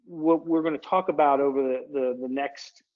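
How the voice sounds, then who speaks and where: A man with a fairly high voice presents a webinar in a relaxed, conversational way. He wanders off on tangents and restarts his sentences. The audio is dull and lo-fi. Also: normal speed. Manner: chatty, digressive, self-interrupting. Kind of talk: casual conference presentation.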